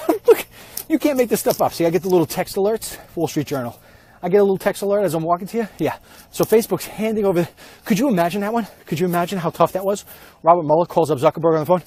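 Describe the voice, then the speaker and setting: A man's voice: fairly high pitch, expressive, fast, darkish tone, a little hiss or hum. Rambling, jokey man vlogging. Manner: jokey, rambling, mock-conspiratorial. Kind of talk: casual comic rant. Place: outdoors, walking.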